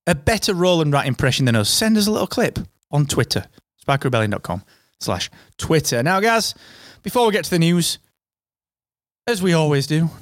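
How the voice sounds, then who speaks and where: A man co-hosting a podcast, chatting casually and telling lively stories before plugging the show to listeners. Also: a little high, dry recording, studio quality. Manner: lively, bantering storyteller. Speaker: podcast co-host. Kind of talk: casual chat and listener plugs.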